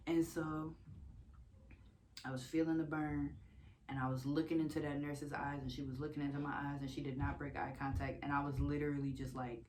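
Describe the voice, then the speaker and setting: A woman's voice: low voice, little pitch movement, brisk, a little mellow, a little hiss or hum. A young woman from the United States telling her own story in a casual, candid vlog, swearing freely and laughing often. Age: young adult.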